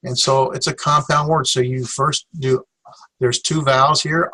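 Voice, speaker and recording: A man teaching a Greek class in a classroom lecture, halting with many fillers as he sounds out syllables slowly. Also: medium pitch, fairly even intonation, bright, forceful tone.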